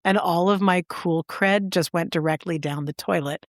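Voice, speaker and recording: A woman co-hosting a podcast, telling a story in casual chat with animated enthusiasm and sudden jumps in pitch for emphasis. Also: moderate pace, dry recording, studio quality. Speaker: podcast co-host.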